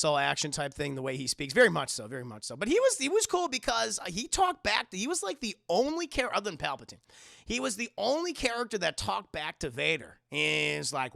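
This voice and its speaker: A man chats on a livestream in a fast, rambling way, often swearing and laughing. His voice is bright and gravelly with a lively, swooping pitch. The sound is dry and close to the mic. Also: no echo. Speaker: livestream host. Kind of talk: casual chat answering viewer questions.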